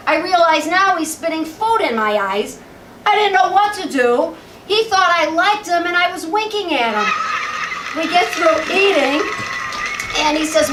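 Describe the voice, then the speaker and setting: A woman's voice: high-pitched, moderate pace, fairly bright tone, slight background noise. A woman from Chicago performing a chatty stand-up set, telling dating stories and acting out punchlines on a lounge stage, recorded in an echoey room from a distance. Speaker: stand-up comedian. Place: lounge stage with live audience.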